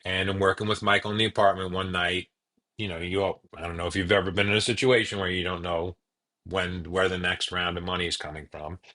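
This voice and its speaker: Sex: man. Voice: low, bright. Style: earnest podcast storytelling. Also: level tone. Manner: earnest, halting, with restarts. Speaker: guest telling his story. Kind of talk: personal storytelling in a podcast interview.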